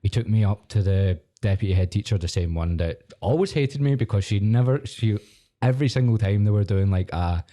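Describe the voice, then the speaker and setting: A young Scottish man hosting a podcast, telling school stories in a lively, laughing way with casual swearing. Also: fairly low pitch, brisk. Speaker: podcast host. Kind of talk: casual storytelling chat.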